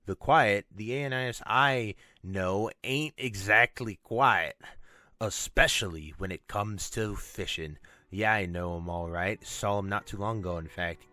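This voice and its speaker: A man voicing a friendly, talkative harbor fisherman who speaks slowly and chats away in a folksy way. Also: on the low side, pushed and bright. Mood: chatty.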